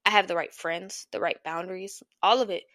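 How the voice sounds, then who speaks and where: A woman's voice: fairly low pitch, fairly even intonation, brisk, fairly bright tone, no echo, studio quality. A young woman in her twenties hosting a casual solo podcast, talking bluntly and profanely in a rambling way. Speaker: podcast host.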